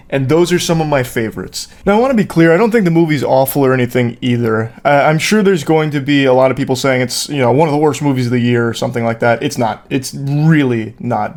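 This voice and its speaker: A man's voice: medium pitch, a little mellow. A man in his thirties giving a casual, sarcastic movie review rant with lots of profanity, acting out the characters as he retells the plot. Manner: sarcastic, profane, acts out characters mid-story. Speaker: commentator.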